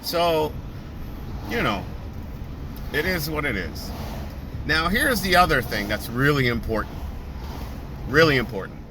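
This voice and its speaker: A man's voice: a little high, very animated, unhurried, long pauses. A man chatting casually while driving in traffic, laughing and telling stories with quoted voices. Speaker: vlogger. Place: car in traffic. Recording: car and road noise. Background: traffic noise.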